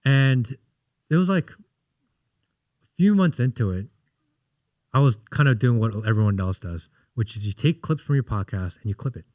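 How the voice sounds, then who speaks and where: Animated man telling stories, dry close mic. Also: medium pitch, moderate pace, pauses often, dry recording. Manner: animated storyteller, acts out quotes. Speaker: podcast guest. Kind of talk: casual interview chat.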